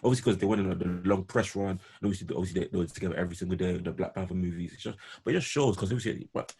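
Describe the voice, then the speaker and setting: Deep gravelly man chatting fast. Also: a little mellow. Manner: rambling, repeats words, lots of fillers. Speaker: podcast co-host. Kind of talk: casual chat.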